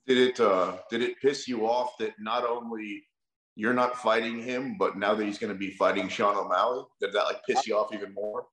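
A man's voice: fairly low pitch, fairly even intonation, normal speed, a bit bright. Casual male podcast host, roomy sound. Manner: casual, hesitant with "uh" fillers. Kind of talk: interview questions. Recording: roomy echo.

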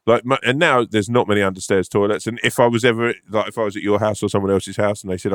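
A man's voice: lowish voice, fairly even intonation, fast, hardly any pauses, a bit bright, no room sound, studio quality. A man co-hosting a podcast, telling a sweary, laughing anecdote in casual chat. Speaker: podcast co-host. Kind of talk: casual storytelling.

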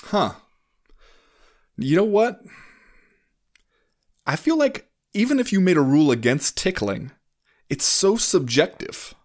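A man's voice: high-pitched, big pitch swings, takes it slowly, long pauses, darkish tone. Guy co-hosting a podcast, rambly and sardonic, does little voices for quotes. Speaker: podcast co-host. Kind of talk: casual chat.

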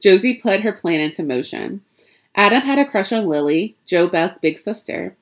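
A woman reading a spooky story aloud, expressive and chatty, adding her own asides along the way. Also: mid-range voice, normal speed.

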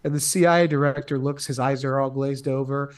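A man's voice: medium pitch, steady tone, a little fast. A man in casual podcast chat, laid-back and agreeable, chuckling along.

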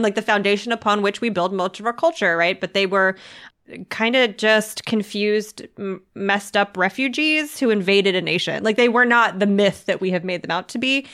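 A woman's voice: medium pitch, fairly bright tone, clean tone. Chatty woman, lots of "like". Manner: chatty, laughs often, many "like" fillers. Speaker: podcast co-host. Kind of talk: casual book chat.

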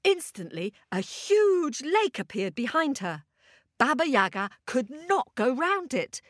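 Animated woman telling a children's story. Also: high voice, a little slow, no echo, studio quality. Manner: animated, asks listeners questions, makes sound effects.

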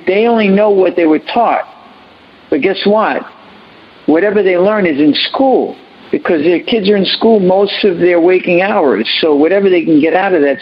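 A man's voice: fairly high pitch, slightly rough, dull audio. A man speaking as an educator on a panel, earnest and preachy, often repeating his phrases. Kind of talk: impassioned panel remarks.

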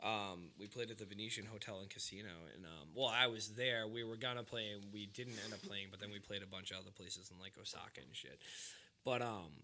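A man with a bright, forceful tone and a fairly low pitch talks in a loose podcast chat. He is from Massachusetts, rambles and swears freely, and leans on "like" and "dude". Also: a little fast, a little hiss or hum. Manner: rambling, profane, fillers like "like" and "dude". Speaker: podcast host. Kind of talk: casual storytelling chat.

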